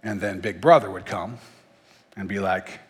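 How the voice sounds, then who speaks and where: A man's voice: low voice, moderate pace, breathy edge, in a large hall. A man teaching through Bible verses in a casual, conversational way, with joking asides.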